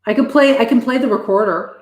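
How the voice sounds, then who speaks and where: A woman chatting with viewers on a live stream, blunt and heavy on swearing, quick to switch tone. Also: fairly high pitch. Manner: profane, blunt and fast-shifting. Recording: echoey room.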